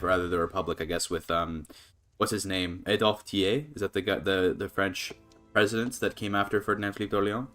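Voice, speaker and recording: Rambling male streamer, low voice. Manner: rambling, thinks aloud with many fillers and restarts; laughs often, voice jumps up when excited. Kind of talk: casual live gameplay commentary.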